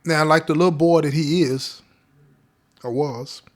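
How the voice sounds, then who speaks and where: A man with a slightly high voice tells a story in a loose, conversational way. He uses street slang and keeps turning to his listeners to check they are following. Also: steady tone, a little slow. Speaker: podcast host telling a story. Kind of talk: casual spoken storytelling.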